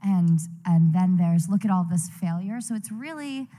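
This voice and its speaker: A young woman talks candidly on a panel, teasing and chatty. Her tone is mellow and warm rather than bright. A long hall reverb hangs behind her mic. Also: on the low side, lively intonation, normal speed. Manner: frank, chatty, playfully pushy. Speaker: actress on a convention panel. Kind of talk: casual panel chat. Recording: echoey convention hall on a mic.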